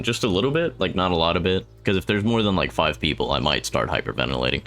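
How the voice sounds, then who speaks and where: A man's voice: low voice, lively intonation, fast talker, few pauses, fairly bright tone. A young man casually commenting as he plays a game, joking, reacting aloud and slipping into silly voices. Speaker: gameplay streamer. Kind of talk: let's play commentary.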